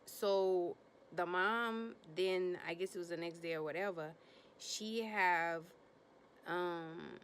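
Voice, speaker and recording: A woman's voice: slow, a little hiss or hum. A woman recapping a reality TV episode in blunt, slangy, sassy commentary, acting out people's lines as she goes. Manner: animated, acts out quotes in bursts of higher pitch.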